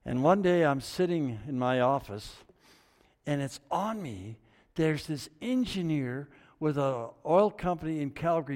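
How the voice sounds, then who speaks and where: A man, older, preaching a sermon with a personal story, dropping to low murmurs and rising to loud excited bursts. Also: measured pace. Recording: long reverb of a hall.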